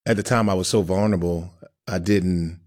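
A man's voice: sits low, fairly even intonation, normal speed, a little mellow. A man who is a professional football player, speaking candidly as an interview guest and often repeating phrases as he searches for words.

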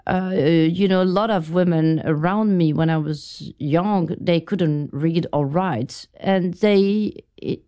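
Low, smooth-voiced woman recalling her past. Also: dark tone. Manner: thoughtful, halting, with restarts. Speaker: interview guest, writer. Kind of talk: reflective interview answers.

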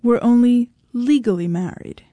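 A woman's voice: on the high side, moderate pace, dark tone, dry recording, close to an everyday voice. A woman voicing a firm, impatient woman who speaks bluntly.

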